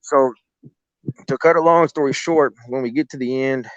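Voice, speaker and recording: A man appears as a guest and casually tells a long story about encounters, swearing freely and rambling with restarts. His medium-pitched voice is steady at normal speed, in a dry, slightly dull lo-fi recording.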